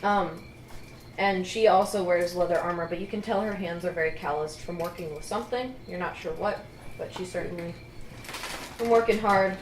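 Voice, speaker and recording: A woman player describing her character in casual, relaxed sentences. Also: fairly low pitch, normal speed. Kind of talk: casual tabletop chat. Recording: echoey room, mic at a distance, faint noise.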